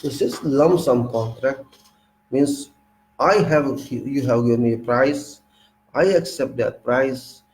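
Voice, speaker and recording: Older guy giving an engineering lecture, gravelly creaky voice, keeps repeating his points at you. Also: mid-range voice, a little mellow, a little hiss or hum, poor audio. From India. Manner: emphatic and repetitive, addressing the listener directly. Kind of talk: recorded lecture.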